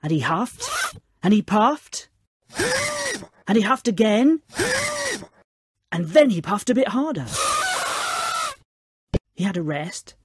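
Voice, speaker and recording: A woman narrating a children's storybook in a lively, expressive reading. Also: mid-range voice, takes it slowly, long pauses, a little hiss or hum.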